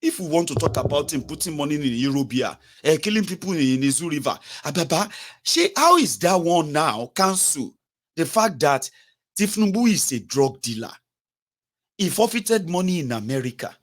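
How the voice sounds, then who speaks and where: A man's voice: a little high, sing-song, moderate pace. A Nigerian man with an accent mixing Yoruba and pidgin words, giving mocking political commentary full of exclamations and rhetorical questions.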